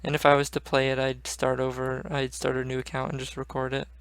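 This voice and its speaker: A man's voice: mid-range voice, completely flat delivery, fairly quick, gravelly, fairly bright tone, clean tone, no echo. A young man hosting a gaming channel, rambling casually and swearing often. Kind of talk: casual gaming vlog chat.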